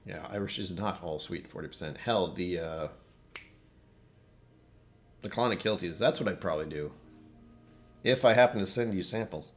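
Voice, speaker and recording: Male livestream host, very deep voice, casual rambling delivery, faint music behind. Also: moderate pace, pauses often. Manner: rambling, distractible, self-interrupting. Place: home.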